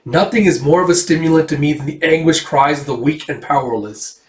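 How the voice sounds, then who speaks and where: A man's voice: a little high, brisk, close to an everyday voice. A man doing a gloating villainous baron. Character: cruel aristocratic male baron villain, gloating. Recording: echoey room, far from mic.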